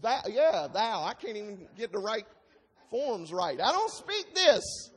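Scripture is read aloud and explained line by line with emphasis by a preacher in an expository Bible-teaching sermon. The husky, mid-range voice is very animated but never rushed.

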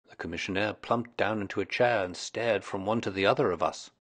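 A male storyteller reading a classic detective story aloud in a measured, expressive way. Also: on the low side, slightly rough.

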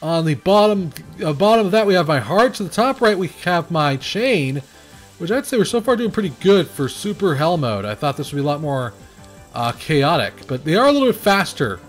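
A man's voice: a little high, sing-song, fairly quick, faint music behind. Man rambling over gameplay. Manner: rambling, hesitant, lots of fillers and restarts; nervous exclamations under pressure. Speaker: game reviewer. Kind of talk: casual gameplay commentary.

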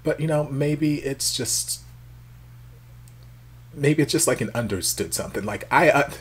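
A man giving casual, animated reaction commentary as a video host. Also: medium pitch, a little slow, slightly rough. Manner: animated, chatty, emphatic.

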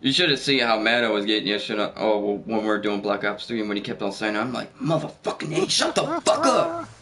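A man streaming an online shooter, swearing nonstop and yelling repeated orders at his teammates between jokes. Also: lowish voice, steady tone, quick pace. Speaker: gamer streamer. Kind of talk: profane casual gaming chatter.

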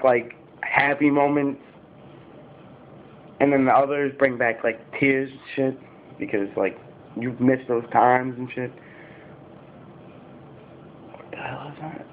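A man's voice: medium pitch, steady tone, slow, pauses often, slight background noise. A fifteen-year-old boy chatting casually to camera, rambling with lots of fillers and swearing. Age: teenager, fifteen. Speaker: YouTuber. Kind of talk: casual vlog talk to camera. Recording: tinny phone-like sound.

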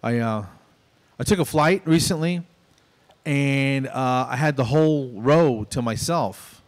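A man's voice: mid-range voice, takes it slowly. A middle-aged man performing a stand-up comedy set on stage in a conversational, self-deprecating way. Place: stage at a small venue.

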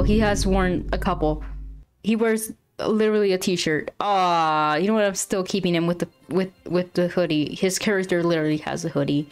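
A young woman with a mid-range voice draws while streaming live. She is flustered and apologetic, often laughing and exclaiming as she talks to her chat.

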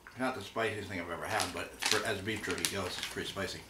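A man co-hosting a casual taste-test chat, relaxed and thinking aloud as he compares flavors. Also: low voice, fast talker. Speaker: co-host. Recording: roomy room, mic a bit far, faint noise.

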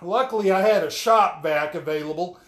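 Rambling high-voiced man, echoey bathroom. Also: normal speed, a bit bright. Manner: folksy, rambling, keeps asking "all right?". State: soaked and frustrated. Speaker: home-repair vlogger. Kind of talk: rambling comedic vlog. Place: small bathroom.

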